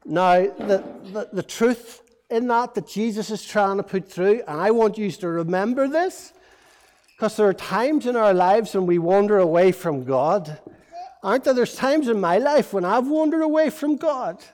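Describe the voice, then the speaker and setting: A man preaching at a family service, spinning a story playfully for the children. His voice sits high. A long echo from the church hall hangs behind him. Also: expressive, normal speed, darkish tone. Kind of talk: all-age sermon storytelling.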